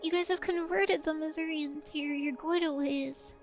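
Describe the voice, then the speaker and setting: A woman streamer in casual livestream chat, playful and chatty as she answers her chat, often dropping to a soft, quiet voice. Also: high-pitched, steady tone, normal speed, lo-fi sound, faint music behind.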